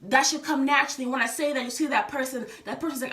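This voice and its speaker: A woman's voice: high-pitched, steady tone, fast talker, a bit bright. A young woman giving earnest relationship advice in a casual vlog, repeating herself and addressing the viewer directly. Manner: earnest, repetitive, talks straight to the viewer as "baby". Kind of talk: casual heartfelt advice talk. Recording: echoey room, from a distance.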